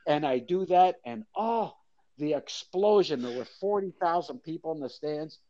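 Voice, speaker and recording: An older man who tells his story with a lively, swooping voice, jumping up for the crowd's cries and dropping low for asides. The sound is dry and a little dull, like lo-fi interview audio. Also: normal speed, no room sound. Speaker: guest, mascot performer.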